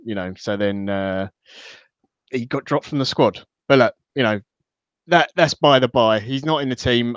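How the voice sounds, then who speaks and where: A man speaks as a podcast guest in a smooth, mid-pitched voice, talking football in a measured way with plenty of fillers. His audio is dull and lo-fi, with a dead, dry sound. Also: a bit bright, dry recording. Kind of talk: casual football analysis.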